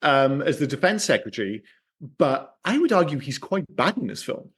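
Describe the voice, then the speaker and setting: A man co-hosting a casual film podcast, talking in an animated, rambling way and swearing freely. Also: fairly high pitch, moderate pace. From Scotland. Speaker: podcast co-host.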